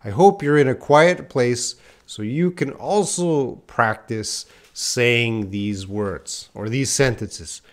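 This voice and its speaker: A man speaks to viewers of his live online English class, talking slowly and at an ordinary mid pitch. He stays casual and jokes at his own expense, answering people in the chat by name. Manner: casual, self-deprecating, addresses viewers by chat names. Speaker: English teacher.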